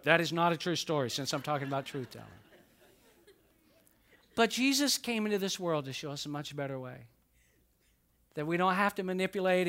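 A high-pitched male pastor preaches to his congregation. He tells stories with animation, then turns to scripture. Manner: storytelling, animated. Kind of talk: sermon.

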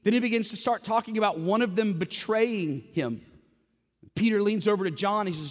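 A man's voice: high voice, moderate pace. A man preaching a sermon at a church service in a conversational way, asking rhetorical questions and often repeating words as he goes. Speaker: pastor. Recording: long hall reverb.

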